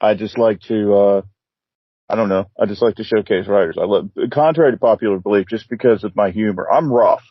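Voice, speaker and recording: A man's voice: lowish voice, a little fast, breathy edge, dry recording, lo-fi sound. A man hosting a casual interview podcast, rambling and swearing, peppering his talk with "man". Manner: rambling, profane, keeps saying "man". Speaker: podcast host.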